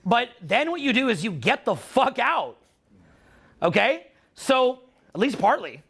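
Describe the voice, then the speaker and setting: A man's voice: extremely high pitch, very animated, a little slow, creaky, fairly bright tone, slightly rough. A middle-aged Canadian man with a Canadian accent giving a live seminar talk, profane and teasing. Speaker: seminar speaker.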